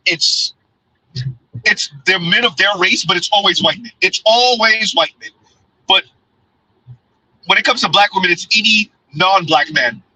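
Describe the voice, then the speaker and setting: A man's voice: high voice, bright, forceful tone, slightly rough, no echo, low-quality recording. A man hosting a blunt, mocking commentary show while riding in a car, often laughing. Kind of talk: casual live commentary. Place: in a car, in transit.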